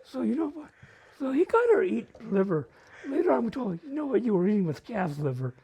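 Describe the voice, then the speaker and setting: A man with a northern New Mexico accent tells family stories at an open mic in a very raspy, dark voice. His pitch swings a lot as he jokes and slips Spanish phrases into his English. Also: fast. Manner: animated and humorous, mixing Spanish phrases. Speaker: storyteller at a community open mic. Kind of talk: casual personal storytelling.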